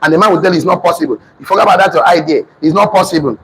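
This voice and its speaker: A man's voice: on the high side, racing, a bit bright, breathy edge, rough recording. A man with a Nigerian accent giving a motivational class lecture, emphatic and repetitive, drilling his audience in call-and-response. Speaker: motivational teacher.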